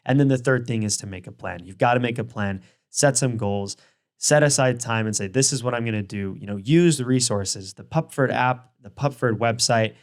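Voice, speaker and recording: A man's voice: medium pitch, moderate pace. A young man hosting a dog training video, giving advice in a casual, conversational way, with frequent fillers and restarts.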